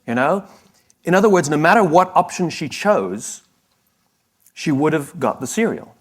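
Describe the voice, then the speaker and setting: A man giving a motivational talk on stage, telling a story with sweeping pitch swings and self-deprecating humor that he often laughs at. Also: sing-song, brisk. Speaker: speaker.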